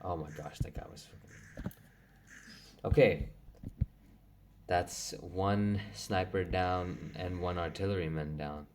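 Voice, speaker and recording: A young man commentating his own video game play, getting excited and swearing when it goes wrong. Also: sits low, takes it slowly, pauses often, noisy background. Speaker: gaming channel host. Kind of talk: gameplay commentary.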